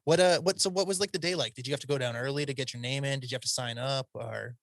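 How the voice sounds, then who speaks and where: Guy hosting a podcast, upbeat, asks lots of questions, medium pitch. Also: fast talker, gravelly, a bit bright, no echo. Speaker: podcast host. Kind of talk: casual interview.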